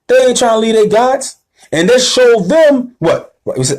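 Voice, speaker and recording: This religious teacher's high, slightly rough voice is very animated, moving at a normal speed through a sermon-like lecture. Slangy and forceful, he frequently checks in with listeners, then gets louder and climbs in pitch as he rousingly calls them to action.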